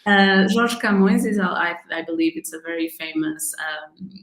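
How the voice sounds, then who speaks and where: A woman's voice: fairly low pitch, normal speed, fairly bright tone. Hesitant woman in an echoey room. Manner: hesitant, many fillers and restarts. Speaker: speaker being interviewed. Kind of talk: casual interview answers.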